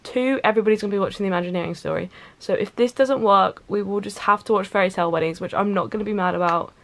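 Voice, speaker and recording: A woman's voice: mid-range voice, fast talker. A young woman vlogging casually from home in front of the TV, bubbly and gushing, with lots of "like" and "literally". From United Kingdom.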